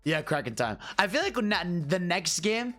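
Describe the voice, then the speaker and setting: Male podcast host, casual gaming chat, animated and agreeable, lots of fillers, voice a touch high. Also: normal speed, faint music behind.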